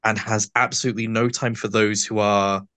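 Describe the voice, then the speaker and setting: A man's voice: lowish voice, level tone, moderate pace, bright, forceful tone, no room sound. A man with a lisp, a guest on an interview, giving long and detailed explanations in a casual chat. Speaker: audio drama actor, guest.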